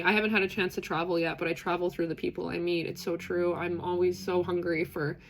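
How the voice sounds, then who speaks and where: A woman's voice: fairly low pitch, gravelly. A young woman from Canada hosting a live stream, talking casually and earnestly with viewers, rambling and emotional with lots of fillers.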